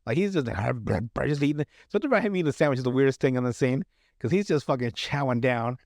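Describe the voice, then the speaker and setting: A podcast host with a medium-pitched, slightly mellow voice and lively intonation talks fast about a TV episode he's casually recapping. He rambles, with plenty of fillers and restarts, and laughs frequently. Studio quality, no echo.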